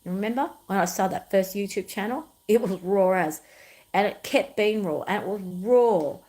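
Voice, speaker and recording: A woman's voice: mid-range voice, moderate pace, dark tone, low-quality recording. A middle-aged woman, hosting her own livestream and telling personal stories in an emphatic, rambling way with many repetitions. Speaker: YouTube channel host.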